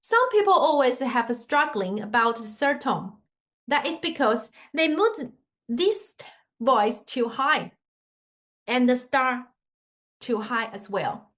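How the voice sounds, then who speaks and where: A woman with a high voice teaches an online language lesson. She speaks slowly and patiently in simple, non-native English, demonstrating sounds with sung scales. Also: big pitch swings, fairly bright tone. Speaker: Mandarin teacher.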